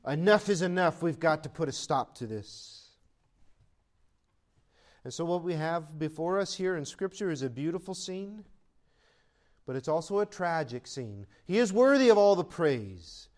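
High, animated male pastor preaching. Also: a little slow. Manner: animated, swings from loud proclaiming to quiet asides, laughs between points. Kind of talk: sermon.

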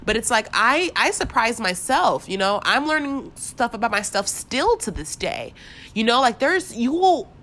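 A woman's voice: fairly high pitch, very animated, normal speed, fairly bright tone. Woman podcaster, casual and slangy, emotional with a cracking voice, speaking off the cuff alone in her room. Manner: heartfelt, repetitive, casual slang-filled. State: voice cracking, holding back tears. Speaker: podcast host. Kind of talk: spontaneous inspirational monologue. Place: bedroom, alone.

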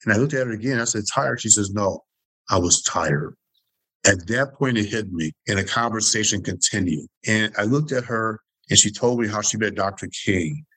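A man's voice: lowish voice, a little fast, hardly any pauses, fairly bright tone, no echo, rough recording. A man in his sixties from Detroit, telling stories as an interview guest in an emphatic way, repeating phrases for effect. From Detroit, Michigan. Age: 60s. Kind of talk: reflective storytelling.

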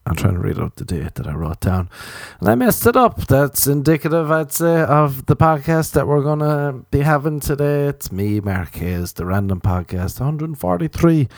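A man hosting a solo late-night podcast, rambling and joking at his own expense with sudden jumps in pitch. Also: sing-song, normal speed, a little mellow, no room sound, studio quality. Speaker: podcast host.

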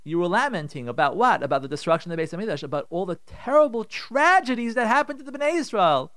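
A man's voice: high voice, sing-song, quick pace, fairly bright tone, no echo, studio quality. A middle-aged man, a rabbi hosting a radio show, giving emphatic, repetitive advice and acting out the complaints he quotes. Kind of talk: animated radio advice talk.

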